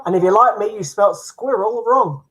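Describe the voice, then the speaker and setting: A man's voice: high-pitched, moderate pace, fairly bright tone, low-quality recording. A man playing a quiz with friends, chatty and jokey as he talks through his guesses. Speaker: quiz player. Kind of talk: casual chat during a quiz game.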